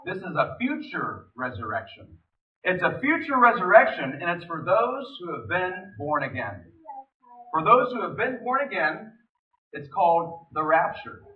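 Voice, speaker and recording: A male pastor with a fairly high voice that swings widely in pitch as he preaches. He sounds far from the mic in an echoey space. The sound is thin and phone-like. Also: unhurried. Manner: animated preaching, reads scripture aloud. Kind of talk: sermon.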